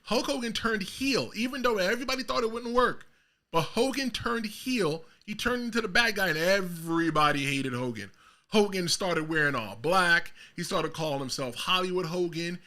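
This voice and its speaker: A man talks alone as the host of a podcast in a loose, rambling commentary style. His voice sits high for a man and has a bright, forward edge. He gets animated, doubles back and corrects himself mid-thought. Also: normal speed. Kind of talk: casual solo commentary.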